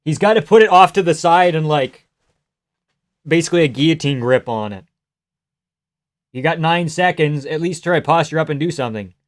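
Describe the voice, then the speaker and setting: A young man hosting a livestream, reacting to a fight with casual, profane commentary, yelling advice at the fighters and laughing often. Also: a little high, moderate pace, pauses often. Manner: excitable, profane, yells at fighters, frequent laughs. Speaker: livestream host.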